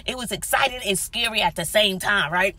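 Bright-voiced woman telling a car story. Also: mid-range voice, brisk. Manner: animated, dramatic retelling with whispered asides. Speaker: vlogger. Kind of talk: casual storytelling to camera. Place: inside a parked car.

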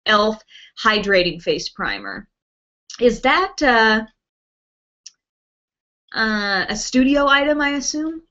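A woman's voice: fairly high pitch, very animated, slow, pauses often, bright, forceful tone. A woman hosting a casual beauty live stream from home, chatting and reading out viewer comments with lots of ums and little laughs. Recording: dull lo-fi webcast audio.

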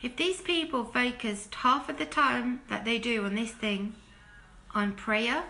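Bright, forceful preachy woman. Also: a little slow, gravelly. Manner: emphatic, preachy, full of rhetorical questions; drops to a hushed, low plea when urging repentance. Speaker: Christian video commentator. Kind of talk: impassioned direct-to-camera monologue.

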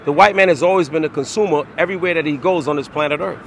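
A man preaching on a city street outdoors, combative and lecturing, often raising his voice to a shout. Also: a little high, very fast, a little hiss or hum.

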